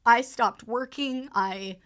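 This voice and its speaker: A woman in her thirties, a podcast guest, telling an emotional personal story in halting bursts, full of fillers and repeated words. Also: a little high, fairly bright tone.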